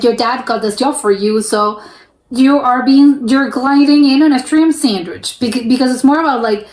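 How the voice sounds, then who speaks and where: A young woman from the United States talks casually as she reacts on camera, thinking out loud. Her voice sits a touch high. She often stops and restarts her sentences, and the room gives her voice a noticeable echo. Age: young adult. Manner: chatty, thinks aloud, many fillers and restarts. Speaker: reaction video host.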